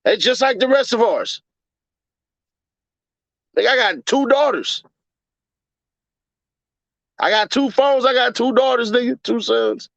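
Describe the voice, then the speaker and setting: A man's voice: extremely high pitch, expressive, unhurried, long pauses, fairly bright tone, no room sound, dull audio. A man, hosting a casual livestream and ranting with profane jokes. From Chicago, USA. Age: 30s. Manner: profane joking rant, puts on mocking voices. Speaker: livestream host.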